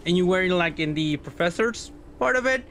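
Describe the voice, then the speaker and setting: A man's voice: high-pitched, expressive, a little fast, fairly bright tone, slight background noise. A man narrating as game master of a tabletop game, rambling and searching for words with lots of fillers.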